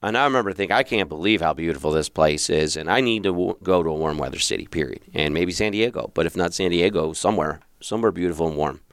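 Host, male, lowish smooth voice, lively storyteller, dry close mic. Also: quick pace, hardly any pauses, no room sound. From Philadelphia. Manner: animated, with many restarts, acts out past thoughts in a raised voice. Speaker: podcast host and relationship coach. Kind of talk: personal storytelling monologue.

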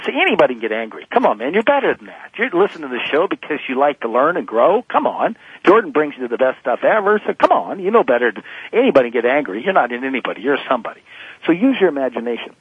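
Man in his fifties, preachy motivational speaker, husky voice, tinny phone line, dry. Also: medium pitch, big pitch swings, quick pace, no room sound. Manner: emphatic, preachy motivational delivery. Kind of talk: phone-in radio interview.

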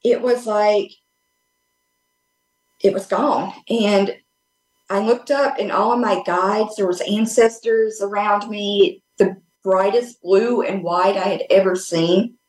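A woman's voice: medium pitch, steady tone, slow pace, darkish tone. A woman guest telling a personal story in a casual, earnest way, rambling with many restarts and fillers over a remote call. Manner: earnest and open. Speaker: podcast guest. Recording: echoey room.

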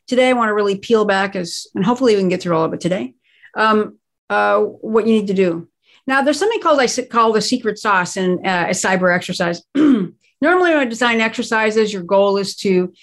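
This is a woman with a mid-pitched voice, speaking as a guest expert in a conversational interview. She explains crisis planning emphatically and leans hard on her key words.

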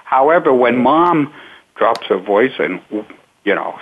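A man who coaches public speaking, answering interview questions in a measured, unhurried way with frequent pauses. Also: mid-range voice, expressive, husky. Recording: narrow phone-line sound.

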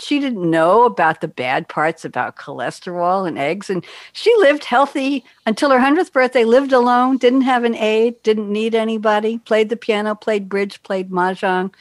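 A woman's voice: medium pitch, no room sound. An older woman hosting an interview, telling long stories in a chatty way and acting out the voices she quotes. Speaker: host. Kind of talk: casual interview chat.

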